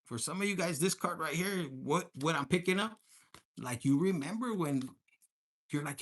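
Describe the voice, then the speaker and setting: A man's voice: on the high side, expressive, moderate pace, fairly bright tone. A man giving a casual tarot reading for viewers, talking in a crude, profane, joking way and mixing in Spanish slang. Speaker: tarot reader.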